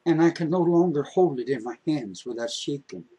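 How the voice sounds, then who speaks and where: A man voicing a remorseful male thief who speaks softly and apologetically in a told story. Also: a little high, lively intonation, normal speed, husky, poor audio. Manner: soft, apologetic.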